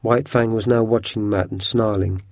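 A man reading a children's adventure story aloud in a steady, measured way. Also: on the low side, dry recording, studio quality. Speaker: narrator.

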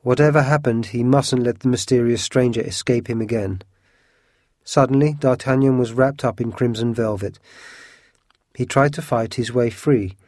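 A man's voice: mid-range voice, moderate pace, darkish tone, no room sound. Man narrating an audiobook, dry sound. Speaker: storyteller.

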